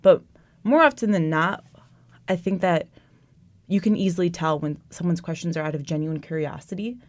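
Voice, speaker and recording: A woman's voice: on the low side, moderate pace, a little mellow, no room sound. A young woman in casual conversation, frank and wry, telling stories with animation.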